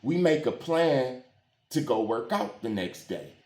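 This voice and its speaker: A man's voice: mid-range voice, big pitch swings, unhurried, a little mellow. A man telling a story from his own life in casual, slangy street talk, often checking in with "you hear what I'm saying". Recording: roomy echo.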